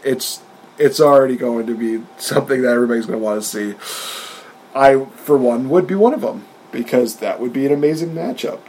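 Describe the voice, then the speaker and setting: A man co-hosting a wrestling podcast in casual chat, talking with animated energy, laughing often and acting out quotes in a raised voice. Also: medium pitch, brisk, slight background noise, poor audio. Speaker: podcast co-host.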